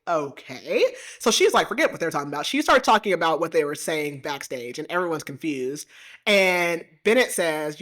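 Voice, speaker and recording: A woman podcast host giving a casual, animated book recap, full of "like" fillers. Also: lowish voice. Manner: animated retelling with frequent "like" fillers.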